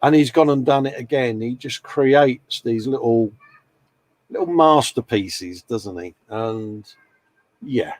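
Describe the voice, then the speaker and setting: Taking it slowly in a slightly mellow, mid-range voice, the host rambles amiably through a casual live-stream chat. He addresses everyone as mate.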